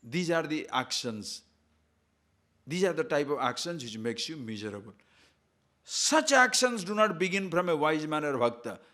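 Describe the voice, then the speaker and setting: A man's voice: a little high, big pitch swings, normal speed, pushed and bright. A man giving a discourse on scripture as a spiritual teacher, emphatic and full of rhetorical questions, sometimes chanting verses in Sanskrit.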